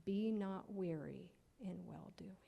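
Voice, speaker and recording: Woman doing a kindly old gentleman, slow and gentle, gravelly, mellow. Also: mid-range voice, big-room sound, lo-fi sound, heavily acted. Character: kindly older gentleman writing a note.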